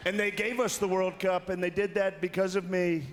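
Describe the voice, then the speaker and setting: A man putting on an impression of a brash, boastful older male politician, speaking slowly in a raised, drawn-out voice, in broadcast audio with hall reverb. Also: high-pitched, level tone, slight background noise, pitched above the performer's own voice, lightly acted. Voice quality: slow, drawn-out, pushed-up delivery.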